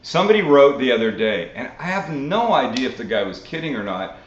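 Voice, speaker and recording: A man from Canada hosting a live cooking Q&A, chatting casually with animated, swearing asides. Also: mid-range voice, fairly quick. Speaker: cooking show host. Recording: roomy, dull lo-fi sound.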